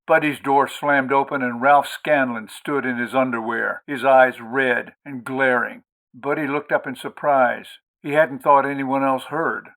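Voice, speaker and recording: A man hosting and narrating an audiobook in a measured, expressive way. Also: medium pitch. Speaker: audiobook reader, host.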